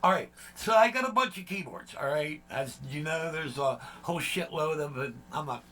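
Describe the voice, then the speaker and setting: Rambling, jokey older man with a slightly high voice. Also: lively intonation, moderate pace, bright, forceful tone, a little hiss or hum. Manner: rambling and jokey, with frequent fillers and asides. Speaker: channel host. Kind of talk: casual vlog chat.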